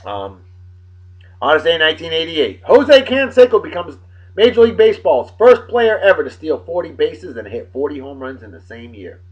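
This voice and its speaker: Man, show host, rambling webcast chat, crude and easily riled, lively pitch, husky voice, dull lo-fi sound. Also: normal speed.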